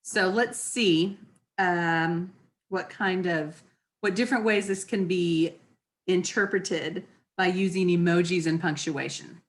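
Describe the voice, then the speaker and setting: A woman's voice: fairly low pitch, slow. A woman leading a class, teaching in a casual, chatty way and acting out sample phrases in different tones of voice. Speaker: class leader. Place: class session with participants.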